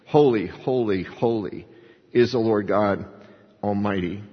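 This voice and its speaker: A man's voice: fairly low pitch, unhurried, husky. A man preaching a sermon in a church, acting out quoted voices with emphatic rises. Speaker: pastor. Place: church sanctuary. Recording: dull lo-fi church recording with long reverb.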